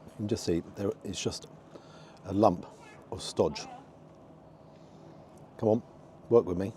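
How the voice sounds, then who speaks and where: A man's voice: deep voice, slow, mellow, slight background noise. A man giving a frank, disappointed running commentary as he tastes food outdoors for his review vlog.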